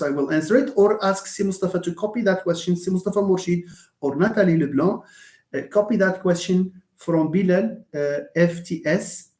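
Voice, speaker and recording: A man's voice: fairly high pitch, a little mellow, echoey room. A man teaching English pronunciation in a live online lesson, stressing words and repeating them for emphasis.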